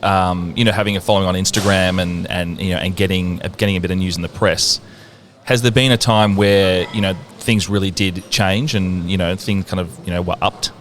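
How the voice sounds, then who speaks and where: Lower-voiced male podcast host. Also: fairly even intonation, brisk. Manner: casual, encouraging, short affirmations. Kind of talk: casual interview chat. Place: inside a bakery.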